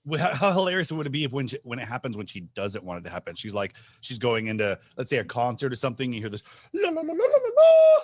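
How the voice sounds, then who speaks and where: A man co-hosting a podcast, excitable and giggly in casual comedic chat. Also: medium pitch, rapid-fire, hardly any pauses. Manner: excitable, giggly, fumbling with his phone. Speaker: podcast co-host.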